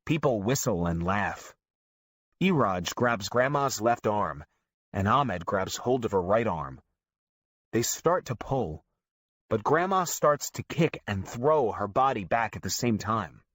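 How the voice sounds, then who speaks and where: A man narrating an audiobook in a lively storytelling manner. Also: on the low side, takes it slowly, dry recording. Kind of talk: scripted narration.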